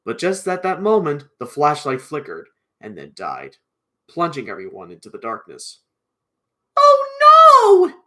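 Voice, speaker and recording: A man reading a children's book aloud on a live stream, halting and restarting, clearing a strained throat often. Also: medium pitch, sing-song, a bit bright.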